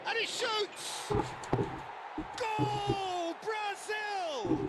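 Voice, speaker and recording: A man voicing a lively play-by-play football commentator in a video game, excitable and rising to shouts on goals. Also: very high voice, drawn-out words, over a noisy crowd, exaggerated voice. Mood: excited. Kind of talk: scripted sports commentary. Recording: game audio under stream noise.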